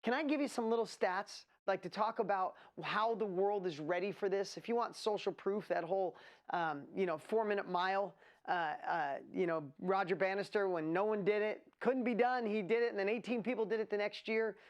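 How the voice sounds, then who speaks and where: A woman hosting a live online event, talking in an excitable, rambling way as she builds hype. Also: medium pitch, brisk, lo-fi sound. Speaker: event host. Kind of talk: energetic live webinar presentation.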